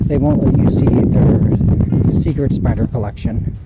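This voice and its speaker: A man's voice: medium pitch, fairly even intonation, a little slow, dull audio. A man walking outdoors and rambling through a silly, meandering improvised monologue as a special guest. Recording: loud music playing over the voice.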